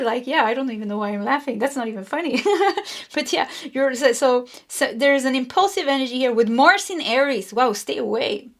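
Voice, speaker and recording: A middle-aged woman giving a pick-a-card tarot reading in a chatty way, repeating herself and laughing often. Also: fairly high pitch. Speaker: tarot reader.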